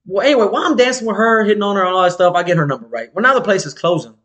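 Racing along in a high voice, a podcast co-host relates a story in casual conversation. The man's manner is animated, profane and full of slang, and he acts out the voices of the people involved.

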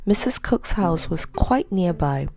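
A woman narrating a children's story in a gentle, measured reading. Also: on the low side, animated.

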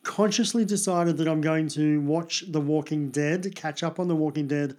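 Chatty man, slightly high voice. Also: normal speed, a little mellow. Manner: chatty, rambling, self-deprecating. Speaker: podcast co-host. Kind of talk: casual chat about TV and movies.

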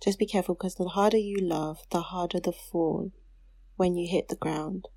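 A woman's voice: fairly low pitch, fairly even intonation, normal speed, warm tone, husky, dry recording. A woman on a casual chat show, reading aloud a heartfelt letter she wrote to her younger self. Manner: heartfelt, turns tearful and laughing while reading.

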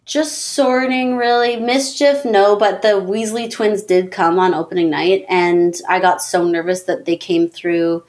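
A woman chatting with friends in a lively, storytelling way. She jumps into high, playful put-on voices to act out the people in her anecdotes. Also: measured pace, few pauses. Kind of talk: casual chat.

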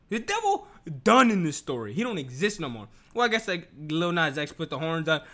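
Man, casual vlog rant, lively up-and-down delivery, bright edge, profane and rambling. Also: a little high, a little fast, hardly any pauses. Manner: rambling, profane, keeps restarting, bursts into laughter. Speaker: video commentator.

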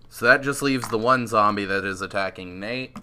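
Casual: guy running a d&d table, really bright sharp tone, laid back and chuckly. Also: lowish voice, moderate pace, slight background noise. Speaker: game master.

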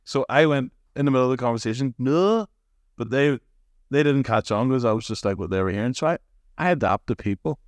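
A Northern Irish man hosting a casual podcast chat, an animated storyteller who likes mimicking accents. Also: mid-range voice, quick pace, no room sound. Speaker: podcast host.

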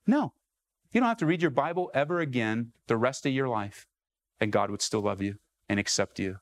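A man's voice: medium pitch, animated, moderate pace, no echo, studio quality. A man preaching a sermon as pastor, emphatic and full of rhetorical questions to his listeners.

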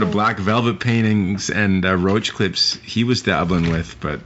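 A man with a very low, deep voice co-hosts a casual movie-review podcast. He talks in loose, profane, rambling asides. The recording is muffled and lo-fi, with a faint hiss underneath. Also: unhurried, a bit bright. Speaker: podcast co-host.

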